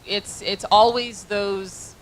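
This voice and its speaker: A woman's voice: mid-range voice, fairly even intonation, slow, slight background noise. A woman interviewing a guest, asking questions while searching for her words.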